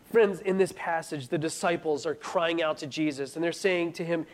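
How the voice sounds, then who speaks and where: A man with a notably high voice delivers an earnest sermon. He preaches steadily, then presses into urgent, rising pleas. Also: normal speed. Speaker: pastor.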